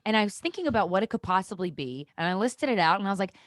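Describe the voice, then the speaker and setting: A woman with a mid-range voice talks rapid-fire with few pauses as a guest in a casual podcast chat, in clean studio sound with no room echo. She tells animated stories, swearing freely and acting out what others said.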